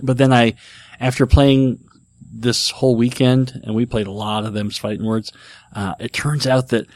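A man's voice: mid-range voice, steady tone, normal speed, darkish tone, dry recording. Chatty man gushing about games. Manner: enthusiastic, rambling with fillers. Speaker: podcast host. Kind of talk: casual chat about board games.

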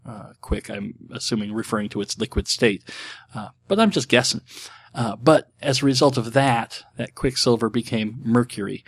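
A man's voice: mid-range voice, normal speed, dry recording. A middle-aged man hosting and answering viewer questions in casual talk. His speech is rambling and reflective, with many restarts and filler words.

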